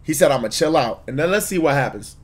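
Brief: slightly high-voiced man, easygoing slangy streamer commentary. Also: lively intonation, quick pace. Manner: laid-back, profane, slangy, talks to chat. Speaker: streamer reacting to a clip. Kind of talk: casual reaction commentary.

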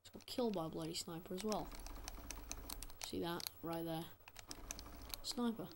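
A man's voice: on the high side, moderate pace, noisy background. A man giving an angry, profanity-heavy rant as gameplay commentary, sounding exasperated throughout. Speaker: gaming channel host.

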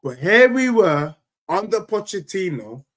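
A man's voice: sits high, unhurried. A young man, co-hosting a casual football debate, emphatic and ranting as a fan. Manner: animated, emphatic, ranting with rising outbursts. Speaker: football podcast co-host, fan.

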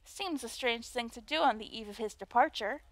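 A woman voicing a very old male castle guard with a put-on Cockney accent, gruff, foggy but capable. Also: fairly high pitch, normal speed, natural voice. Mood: weary.

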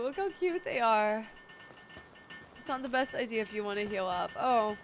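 Excitable, foul-mouthed woman streamer. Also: on the high side, normal speed, long pauses, a little hiss or hum. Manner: excitable and profane, swings to squealing over cute things. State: sore throat. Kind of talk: casual live-stream chat while gaming.

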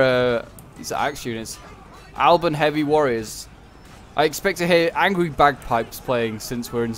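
A man's voice: fairly high pitch, slight background noise. A man giving casual, rambling commentary on a strategy game battle, correcting himself and tossing in joking asides. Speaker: gameplay commentator.

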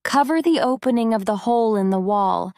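A woman voicing a frail old male prisoner with a white beard, speaking calmly and giving instructions. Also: fairly high pitch, fairly quick, clear, resonant tone, no room sound, clean studio sound. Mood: instructing.

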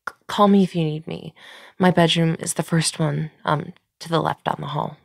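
A woman performing a scripted audio role-play as a caring friend, talking in a nervous, soft-spoken way with frequent stammers and pauses. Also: low-pitched, steady tone, creaky, dry recording, studio quality.

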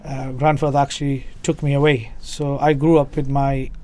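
A man from Leicester, a religious scholar, speaking as a guest in a measured, formal way. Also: medium pitch, level tone, dark tone. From Leicester, England. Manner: measured, formal, opens with Arabic phrases. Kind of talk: podcast interview.

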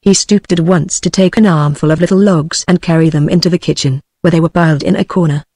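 A computer-generated woman's voice with a British English accent, reading a novel aloud at an even, synthetic pace. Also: on the low side, fast, slightly rough, no room sound. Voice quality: synthetic, evenly paced. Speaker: audiobook narrator. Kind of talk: text-to-speech audiobook reading.

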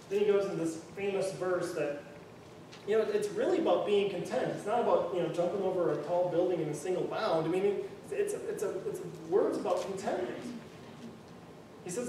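In a church, a man preaches a sermon in an earnest, conversational way, frequently restarting and saying "you know." His voice is high-pitched, brisk and dark, captured far from the mic in a very echoey room with faint noise.

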